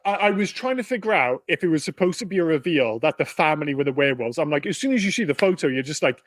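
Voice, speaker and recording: A man's voice: a little high, fast talker, dry recording. A married man co-hosting a film podcast, chatting casually and bluntly with plenty of swearing. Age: adult, married. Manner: blunt, sweary, animated storytelling. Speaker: podcast co-host.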